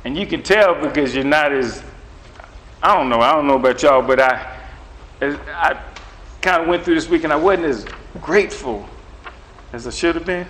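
A middle-aged man preaching a sermon in a lively, conversational way, acting out back-and-forth dialogue. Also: on the high side, moderate pace, pauses often, a little hiss or hum, poor audio. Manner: animated, conversational, acts out dialogue with God.

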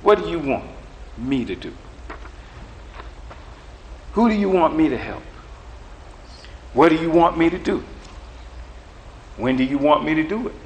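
A middle-aged man delivers a sermon in an animated, conversational style. His voice sits somewhat high, and a faint hiss of room noise runs underneath. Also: a little slow, pauses often, dull audio. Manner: animated, conversational, acts out dialogue with God. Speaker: preacher.

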